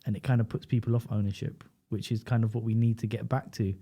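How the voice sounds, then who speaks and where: A man with a London accent chats as a guest in a relaxed interview. His voice sits a bit low, and he often stops on "um" as he thinks. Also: fast talker, breathy edge. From England. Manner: relaxed, with frequent "um" fillers. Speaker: guest rapper. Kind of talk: casual interview chat.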